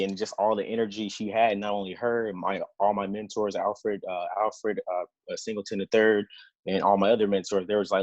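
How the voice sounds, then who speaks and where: A man's voice: lowish voice, flat delivery, normal speed, a little mellow, no room sound, low-quality recording. A man sharing an earnest, grateful motivational testimonial as a new senior field trainer on a team call.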